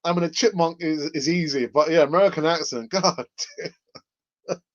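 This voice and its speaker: A man's voice: fairly high pitch, moderate pace, lo-fi sound. A man hosting a casual live stream, chatting and reading out viewer comments, often laughing.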